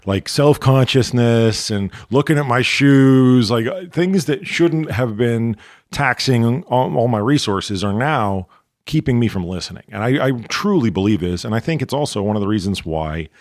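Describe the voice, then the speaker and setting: A man's voice: mid-range voice, lively intonation, normal speed, no room sound, studio quality. A man hosting a podcast interview, working through ideas aloud and checking them with questions. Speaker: podcast host. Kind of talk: casual interview chat.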